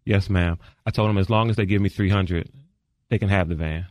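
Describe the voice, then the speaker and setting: Male trial witness, very low pitch, terse and deferential, dry recording. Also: brisk, a little mellow, no echo. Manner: terse, deferential "yes, ma'am" answers. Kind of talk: courtroom testimony.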